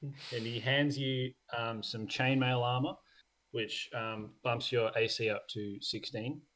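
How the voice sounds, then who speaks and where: A man's voice: mid-range voice, fairly even intonation, a bit bright. A man running a tabletop game as game master, narrating casually with lots of fillers. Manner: casual, filler-heavy, quick bursts.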